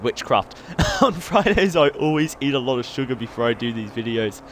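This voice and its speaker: A hyper young Australian man rambles through casual gameplay commentary, his accent softened by years in Britain. He jokes at his own expense and laughs a lot, in a voice of ordinary pitch. A faint hum of noise sits behind him. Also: fairly quick. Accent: Australian, partly worn down by years in the UK. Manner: hyper, rambling and self-mocking, laughs often. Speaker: gaming YouTuber.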